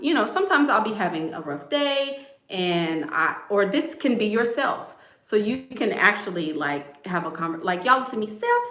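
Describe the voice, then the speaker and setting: A woman talks straight to her viewers in a loose, playful vlog chat. Her voice sits at a middle pitch. The room gives her words a noticeable echo. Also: fairly bright tone. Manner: chatty, playful, addresses viewers as y'all. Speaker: vlogger. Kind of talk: casual chat.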